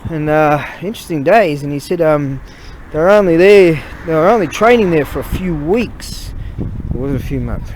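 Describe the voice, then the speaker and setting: A man retelling a story while out on a cold walk, halting and swearing as he loses his train of thought. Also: on the high side, expressive, low-quality recording. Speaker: vlogger. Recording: loud wind noise on outdoor mic.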